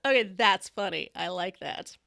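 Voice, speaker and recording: A woman hosts a live stream, chatting casually and sharing candid stories in a gravelly, fry-laden voice of middling pitch; she's blunt, animated, and laughs a lot. Her tone is bright and forceful at a normal speed, and the recording is dry and close.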